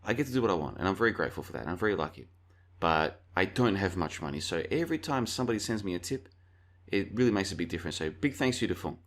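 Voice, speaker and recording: A man's voice: deep voice, sing-song, very fast. A man hosting a casual commentary video, rambling through anecdotes and calling his viewers folks. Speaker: video host.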